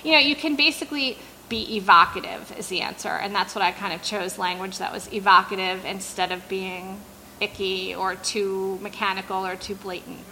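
A woman talks frankly and chattily to a bookstore audience about her first novel. Her voice is bright and crisp, at a mid pitch. She fills her speech with "like" and "you know". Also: fairly even intonation, normal speed, a little hiss or hum, poor audio. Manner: chatty, frank, with many fillers. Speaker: debut novelist. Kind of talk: candid talk at a book event. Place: bookstore event before an audience.

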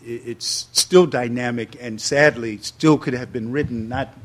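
A man, telling a personal story in an interview and acting out quotes in loud, high bursts. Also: steady tone, unhurried. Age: 60s. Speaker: interview guest.

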